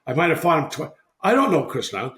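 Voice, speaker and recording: Older male podcast guest, slightly high voice, animated self-correcting storyteller, roomy sound. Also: fast. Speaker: podcast guest, former hockey player. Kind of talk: casual storytelling. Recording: roomy echo.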